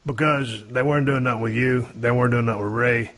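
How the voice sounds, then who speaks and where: A man's voice: mid-range voice, fairly even intonation, quick pace, a bit bright. A man interviewing on a podcast, asking long-winded, enthusiastic questions.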